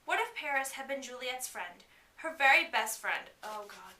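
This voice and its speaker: A woman reads a novel aloud casually, pausing for giggly, chatty commentary. Her voice sits high, animated and sharp at a moderate pace, recorded far from the mic in an echoey room.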